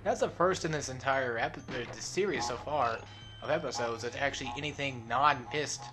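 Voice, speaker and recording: Young man, casual gameplay commentary, rambling, self-mocking, mid-pitched voice, occasional swearing. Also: a little fast, music in the background. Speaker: let's play host.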